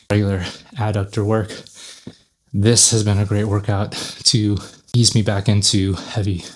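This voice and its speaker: Chatty low-voiced gym vlogger man. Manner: chatty, rambling, self-correcting. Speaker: fitness YouTuber. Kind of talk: casual workout vlog talk.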